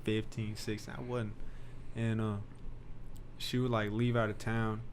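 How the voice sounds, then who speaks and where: A man's voice: on the low side, level tone, a little slow, background noise. A young man hosting a podcast, telling loose, profane stories in casual chat and laughing often. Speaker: podcast host.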